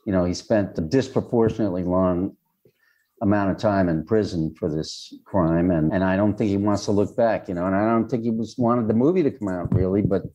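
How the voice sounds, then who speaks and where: A man, a screenwriter and director, answering interview questions in a thoughtful, reflective way, often pausing with "you know". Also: deep voice, warm tone, low-quality recording.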